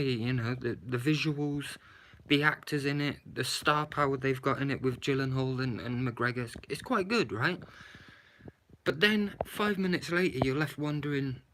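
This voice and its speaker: A man's voice: medium pitch, moderate pace, a bit bright, a little hiss or hum. Profane man ranting into his phone. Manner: profane, exasperated ranting with rhetorical questions. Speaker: movie reviewer. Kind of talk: ranting live-stream movie review. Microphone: handheld phone camera, shaken while talking.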